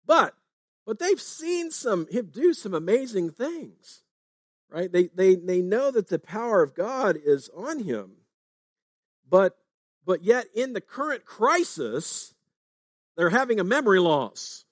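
Guy preaching, chatty, keeps asking right?, bit higher voice, dry close sound. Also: big pitch swings, takes it slowly, no echo. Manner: conversational preaching, frequent "right?" tags. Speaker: pastor. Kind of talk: sermon.

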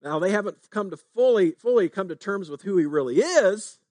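Pastor, male, slightly high voice, relaxed talky sermon delivery, dry recording. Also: normal speed, dry recording. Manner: conversational preaching, frequent "right?" tags.

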